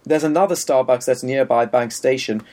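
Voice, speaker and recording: A man telling stories in casual chat, with wry, deadpan, mock-formal phrasing. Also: mid-range voice, moderate pace, a little hiss or hum.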